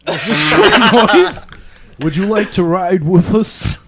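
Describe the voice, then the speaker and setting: A man voicing a rough male guard whose Cockney accent keeps drifting. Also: on the high side, expressive, a little slow, a loud crowd. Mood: friendly. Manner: loud, laughing, shouty.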